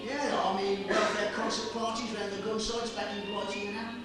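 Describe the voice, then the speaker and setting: An actor playing a modest, earnest working-class comic actor in a stage play. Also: male voice, sits high, little pitch movement, normal speed, lightly acted. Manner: earnest, plain-spoken, slightly sheepish. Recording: roomy theatre sound from far off, music.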